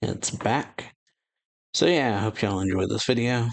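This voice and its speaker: A man hosting an anime reaction channel, casually recapping a manga chapter, rambling with many fillers and reading the characters' lines in a flat voice. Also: fairly low pitch, unhurried, creaky.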